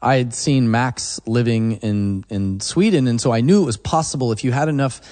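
This Oklahoma-born man is a songwriter appearing in a relaxed interview, spinning lively stories and playing out the lines people said to him. He speaks at normal speed in a medium-pitched voice.

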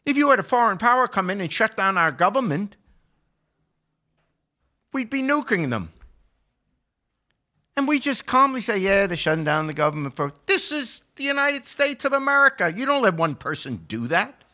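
An older man talking politics on a podcast, his bright, forward voice swinging widely in pitch. He moves from measured remarks into impassioned, indignant outbursts, hammering his points. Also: big pitch swings. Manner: impassioned, rising to indignant emphasis. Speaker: podcast regular. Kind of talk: political commentary.

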